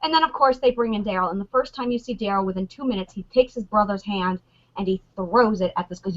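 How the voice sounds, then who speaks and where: A woman on a convention panel, chatting excitedly and acting out lines from scenes. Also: mid-range voice, quick pace, lo-fi sound. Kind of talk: animated fan chat.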